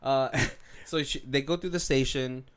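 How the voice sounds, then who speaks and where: A man's voice: medium pitch, fairly even intonation, unhurried, clear, resonant tone. A man co-hosting a movie commentary podcast, recapping scenes in casual chat and laughing often. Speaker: podcast co-host.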